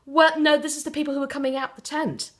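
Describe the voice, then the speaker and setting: A woman from South West England telling stories in a casual interview, animated and theatrical, often laughing as she talks. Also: high voice, fast. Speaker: interview guest.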